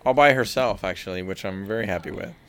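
A man's voice: lowish voice, quick pace, a bit bright, clear, resonant tone. A man co-hosting a podcast in casual, wry chat. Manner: laid-back, wry, easily exasperated. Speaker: podcast co-host.

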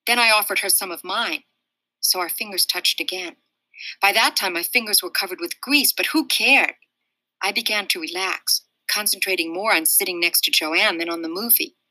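Bright-voiced woman reading a children's book. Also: medium pitch, normal speed, no room sound, rough recording. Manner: steady, expressive storytelling. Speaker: reader. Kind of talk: reading a children's novel aloud.

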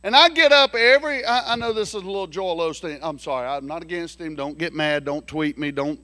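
A pastor, telling a folksy story in a sermon and swinging between hushed lines and shouted ones. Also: male voice, on the high side, a little fast, no room sound.

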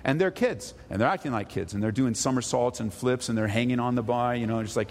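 A man, the pastor, preaching a sermon to his congregation in a conversational way, dropping low for asides and rising for exhortation. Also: a little fast, few pauses, a little mellow, long reverb tail. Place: church sanctuary.

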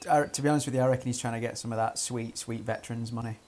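A man's voice: mid-range voice, steady tone, racing, darkish tone. Wry, joking man. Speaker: podcast co-host. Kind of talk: casual chat.

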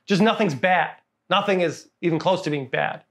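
High-voiced animated man reviewing movies. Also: moderate pace. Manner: animated, laughing, repeats words while searching. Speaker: podcast co-host. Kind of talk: casual movie review chat.

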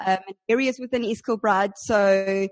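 A woman's voice: mid-range voice, fairly even intonation, normal speed, no echo. A woman, a church planter, chatting casually in an interview with many fillers like "um" and "like".

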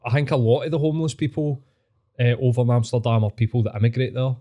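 A man's voice: mid-range voice, fairly even intonation, fast, dark tone, lo-fi sound. A young adult Scottish man telling sweary, laughing stories in a casual chat. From Scotland. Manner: sweary, storytelling, laughs often.

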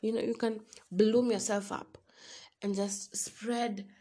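A woman's voice: mid-range voice, little pitch movement, takes it slowly, warm tone. A young Kenyan woman giving a casual motivational talk to her listeners, preaching and calling them sis. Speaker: vlogger.

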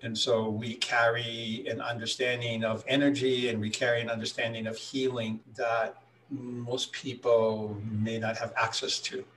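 A man in his sixties from Hawaii, a healer answering interview questions in a calm, reflective way as he tells his story. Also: medium pitch, unhurried. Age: 60s. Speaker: guest, healer. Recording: voice a little distant from the mic.

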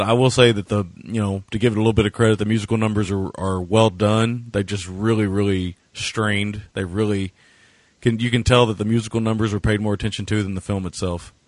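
A man's voice: fairly low pitch, steady tone, fairly quick, no room sound. A man co-hosting a casual movie review podcast, rambling and sarcastic, with lots of filler words. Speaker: podcast co-host.

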